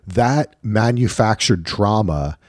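A low-pitched man co-hosting a podcast in relaxed, lively chat. He acts out quick back-and-forth exchanges as he talks. The recording is dry, with no room sound. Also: no room sound. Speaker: podcast co-host. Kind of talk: casual chat.

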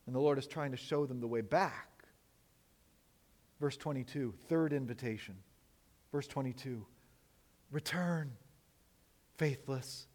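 A pastor delivers a sermon in a slightly high voice, animated and self-deprecating. He shifts between loud emphasis and quiet asides.

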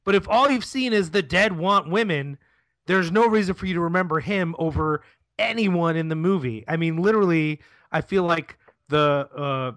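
A man co-hosting a casual movie review podcast, halting and searching for words. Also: a little high, fairly bright tone, dry recording. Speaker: podcast co-host.

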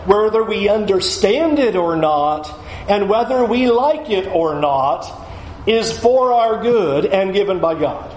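A man's voice: high-pitched, a little mellow, echoey room, poor audio. A man preaching a sermon as a pastor, emphatic, repeating key phrases for stress.

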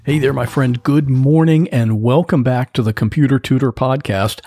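A man's voice: medium pitch, normal speed, warm tone, faint music behind. A man hosting his own podcast about computers, talking in a chatty, folksy, plain-spoken way from his home office. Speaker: podcast host, computer repair tech. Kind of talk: solo podcast monologue.

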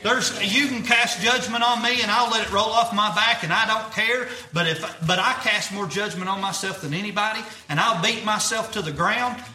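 A young man preaches earnestly. His voice is high and very bright, and he circles back over his phrases in plain folksy speech. It all rings through an echoey church room. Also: normal speed, hardly any pauses. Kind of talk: sermon.

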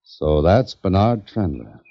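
A deep-voiced wry adventurer. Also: male voice, sing-song, a little fast. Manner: wry, ironic. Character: wry, quick-witted adventurer writer, lead man. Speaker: narrator and lead. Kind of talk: 1940s radio acting. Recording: dull old radio recording with faint music.

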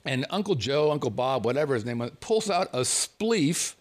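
A man's voice: medium pitch, moderate pace. A man telling a comic personal anecdote, laughing as he goes and acting out his own reactions. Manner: animated, laughing through the telling. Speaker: storyteller. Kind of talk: comedic anecdote.

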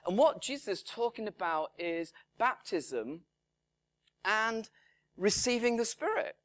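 A middle-aged man preaching a sermon in a conversational way, acting out little dialogues and dropping to hushed tones. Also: high-pitched, animated, a little slow. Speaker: pastor.

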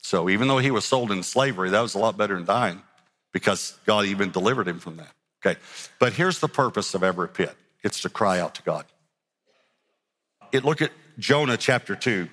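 A man's voice: fairly low pitch, expressive, a little fast, a bit bright, big-room sound. A male pastor preaching a dramatic sermon, often restarting his sentences and acting out scenes. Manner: dramatic, acts out Bible scenes in character voices; repeats words as he restarts sentences.

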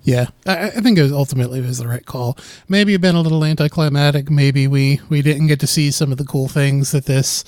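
A man's voice: fairly high pitch, fairly quick, hardly any pauses, darkish tone, no room sound, studio quality. A man who plays in the game, talking it over on a podcast in a thoughtful way with stammering restarts. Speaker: player. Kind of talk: podcast discussion.

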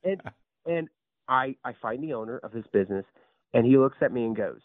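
A man in his thirties, a company founder telling his story as a podcast guest, animated and full of restarts and repeated words. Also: medium pitch, fairly quick, no room sound. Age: 30s. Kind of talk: casual storytelling interview. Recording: tinny phone-like line, dry.

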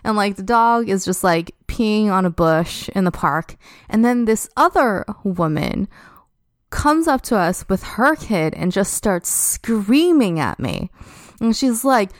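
Chatty young woman, smooth dry voice. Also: medium pitch, slow, dry recording. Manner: chatty, heavy use of "like" as a filler. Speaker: podcast guest. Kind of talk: casual storytelling.

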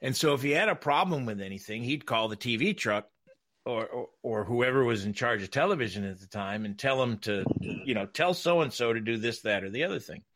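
Male broadcaster, storyteller, halting delivery, bright forceful voice, mid pitch. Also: animated. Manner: halting, many restarts, laughs often. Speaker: racing broadcaster. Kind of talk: casual panel chat, storytelling.

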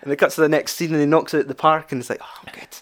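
A man's voice: on the high side, level tone, rapid-fire. A young man with a Scottish accent chatting casually about a film, rambling and swearing freely.

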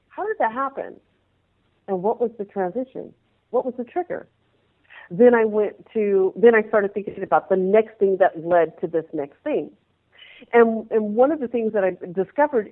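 Woman guest, animated storyteller, tinny phone-quality line. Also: medium pitch. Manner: animated, acts out scenes in changing voices. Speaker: interview guest, former pro dancer. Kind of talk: personal storytelling in conversation.

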